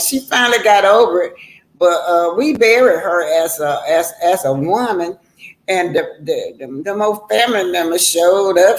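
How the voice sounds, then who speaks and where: An older woman hosting a livestream, telling a personal story in a rambling, homespun way and often calling her viewers "y'all". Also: low-pitched. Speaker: livestream host. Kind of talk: casual storytelling to a live chat.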